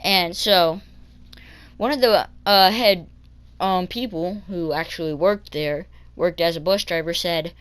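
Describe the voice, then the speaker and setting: A teenage boy telling a story for his vlog in a halting way, with many ums and restarts. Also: high-pitched, fairly bright tone, clean tone. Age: teens. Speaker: vlogger.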